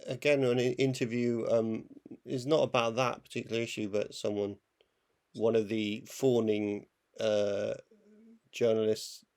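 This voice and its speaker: A man's voice: fairly low pitch, a little mellow. A man co-hosting a film podcast, speaking hesitantly with frequent ums and restarts. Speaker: podcast co-host. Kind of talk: casual chat.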